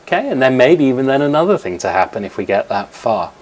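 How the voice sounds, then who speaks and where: A man with a mid-range, sing-song voice talks fast through a computer mic, with slight background noise, while screen-recording a coding lesson for young kids. He patiently walks through each step, dropping in fillers along the way.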